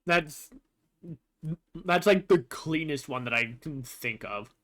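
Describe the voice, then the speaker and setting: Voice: mid-range voice, lively intonation, takes it slowly, a bit bright. A streamer casually commenting over gameplay while comparing translations, thinking aloud with fillers and the odd swear word.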